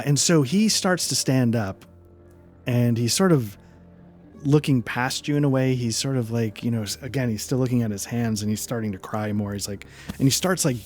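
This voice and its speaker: Male game master, mid-pitched, rambling narration full of ums and restarts, faint music under him. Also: a little mellow. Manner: rambling, hesitant narration with many fillers.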